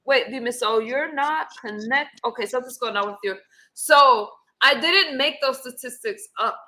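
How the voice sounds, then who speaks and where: A woman hosting a casual panel discussion, opinionated and quick to argue her point. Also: high-pitched, bright, forceful tone, poor audio. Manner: opinionated, argumentative. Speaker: host.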